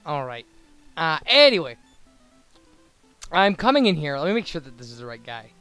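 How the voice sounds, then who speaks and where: A man's voice: a little high, big pitch swings, normal speed, sharp tone, clean tone, no echo, soft background music. Rambling man narrating his game play. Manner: rambling, full of restarts and fillers. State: hiccuping. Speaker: let's play host. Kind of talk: casual gameplay commentary.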